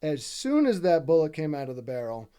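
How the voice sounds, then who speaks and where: A man's voice: on the high side, sing-song, a little fast, warm tone, clean tone. A man giving casual, exasperated commentary over gameplay footage, swearing freely and asking "right?" often. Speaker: gaming video creator.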